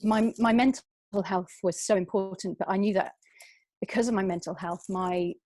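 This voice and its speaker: A woman's voice: mid-range voice, fairly even intonation, normal speed, darkish tone, no room sound. A woman in her thirties, a guest telling a personal story on a video call, hesitant and emotional.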